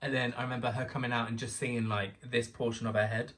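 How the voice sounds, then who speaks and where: A young man from England telling an excited story as a guest, acting out the voices of people he quotes. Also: medium pitch, quick pace, far from the mic. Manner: excitable, animated storyteller who acts out quotes. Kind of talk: casual storytelling chat.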